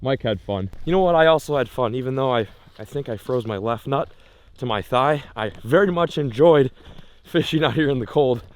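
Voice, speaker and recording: A young man vlogging while fishing outdoors in winter, talking excitedly to the camera as he reels in fish. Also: mid-range voice, moderate pace. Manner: excitable, exclaiming and laughing while reeling in fish. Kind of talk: casual on-camera fishing commentary.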